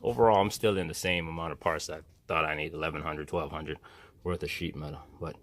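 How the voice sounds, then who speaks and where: Low-voiced man in a garage vlog. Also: steady tone, brisk, fairly bright tone. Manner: informal, rambling, plainspoken. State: out of breath. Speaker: car restorer. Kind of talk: casual garage vlog walkthrough. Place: home garage workshop.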